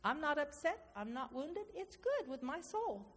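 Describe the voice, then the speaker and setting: Woman, preacher, high-pitched, animated sermon, repeats herself, acts out dialogue, long hall echo. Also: measured pace. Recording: reverberant hall.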